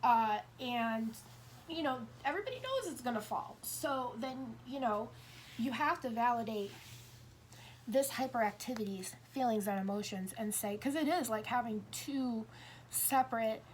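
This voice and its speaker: A woman's voice: on the high side, animated, moderate pace, slight background noise. A woman in her fifties talking in a rambling, self-interrupting way, acting out little dialogues as she explains. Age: 50s. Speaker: tarot reader. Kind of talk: casual monologue.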